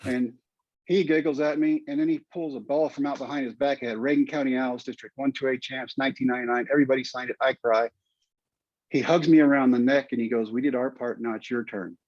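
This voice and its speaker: A man's voice: mid-range voice, steady tone, fast, darkish tone, dry recording. An older man with a Texan accent, a podcast guest telling a heartfelt story in an earnest, emotional way. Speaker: guest, former pitcher and teacher. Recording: dull, lo-fi, dry sound.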